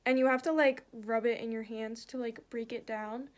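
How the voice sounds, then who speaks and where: A young woman chatting casually while doing her makeup, telling a story with lots of swearing and animated retelling. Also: fairly high pitch, moderate pace.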